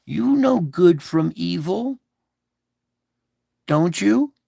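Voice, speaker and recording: A man speaks as God in a devotional talk, unhurried and drawn out, with a gravelly edge to his voice. He is blunt and plain-spoken, slips in crude words, and keeps coaxing the listener with questions. The sound is dry and close. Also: high-pitched, lively intonation, mellow, no echo.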